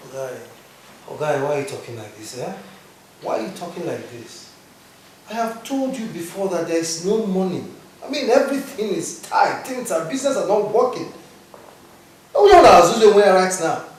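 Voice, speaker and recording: A man's voice: sits high, sing-song, moderate pace, recorded from a distance. A man with a Nigerian accent playing an impatient younger businessman who brushes off requests for money. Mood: dismissive. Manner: impatient, dismissive. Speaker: younger businessman refusing help. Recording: very echoey room, voice from afar, faint noise.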